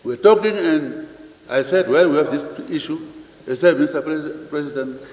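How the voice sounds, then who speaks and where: An older man speaks off the cuff to a parliament, his voice pitched a little high. He repeats his phrases and throws questions at the room. The sound rings through a large hall with a long echo. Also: expressive, moderate pace, darkish tone. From Namibia. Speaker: president answering parliament. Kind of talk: unscripted parliamentary address. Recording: echoey chamber with long reverb.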